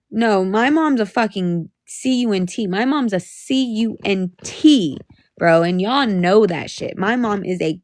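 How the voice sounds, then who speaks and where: A woman's voice: mid-range voice, darkish tone. Upset young woman venting on a live stream. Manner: profane, repetitive, restarts sentences. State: voice cracking, near tears. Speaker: livestreamer.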